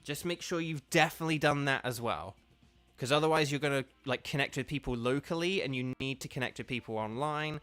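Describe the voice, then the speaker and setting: A man's voice: mid-range voice, a little fast, fairly bright tone, clear, resonant tone, soft background music. A man streaming a game live, patiently explaining steps to his viewers in a casual, chatty way full of fillers.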